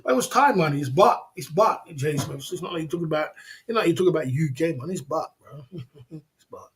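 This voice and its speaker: A man's voice: a little high, expressive, fast, fairly bright tone. A man hosting a livestream, telling rambling stories with many repeats and laughs. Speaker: livestream host. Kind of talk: casual storytelling.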